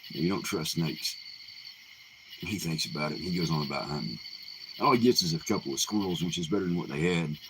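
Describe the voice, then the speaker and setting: A man casually retelling folk tales in an unhurried, folksy way, full of fillers and restarts. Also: rumbling low, lively intonation, background noise. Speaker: live Q&A host. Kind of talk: casual oral storytelling.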